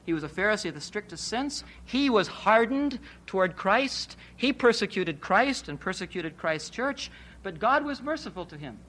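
A man's voice: sits high, big pitch swings, normal speed, fairly bright tone. A man preaching an expository Bible sermon, emphatic, posing rhetorical questions and repeating key phrases.

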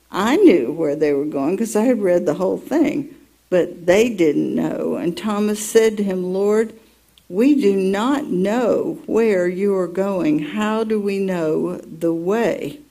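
Slow, mellow-voiced woman teaching scripture. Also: lowish voice. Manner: slow, earnest storytelling with personal asides. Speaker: Bible teacher. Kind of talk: Bible teaching, reading scripture aloud.

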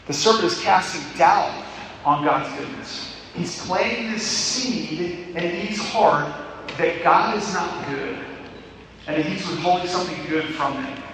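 A pastor delivers an expository sermon with a fairly high, gravelly voice, asking his listeners rhetorical questions. He is picked up from some distance in a church hall with a long, roomy echo. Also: fairly bright tone, a little hiss or hum. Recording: echoey hall, distant mic.

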